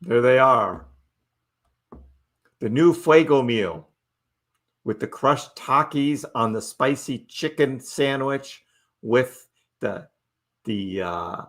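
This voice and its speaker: A man's voice: mid-range voice, animated, takes it slowly, long pauses, fairly bright tone. A middle-aged man hosting a casual live stream, chatting loosely with his viewers, reading their messages aloud and laughing often. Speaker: livestream host.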